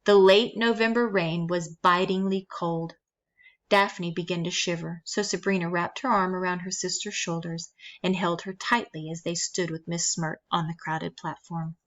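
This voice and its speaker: A woman reading a children's novel aloud, telling the story steadily with lively emphasis. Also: lowish voice, normal speed, highs cut off. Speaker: reader.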